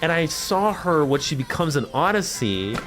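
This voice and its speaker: A young man reacting to a game trailer in casual commentary, excitable and slangy, swearing freely. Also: on the high side, normal speed, soft background music. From Canada. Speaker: gaming YouTuber.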